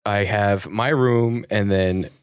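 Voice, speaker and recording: A man's voice: fairly low pitch, measured pace, clean tone, no room sound, clean studio sound. A man in casual chat, telling a crude, rambling story with many restarts.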